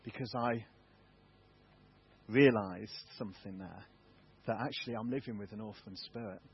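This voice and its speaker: A man's voice: lowish voice, moderate pace, breathy edge, lo-fi sound. An English man, a church elder, giving a candid, self-deprecating testimony sermon in a church. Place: church hall.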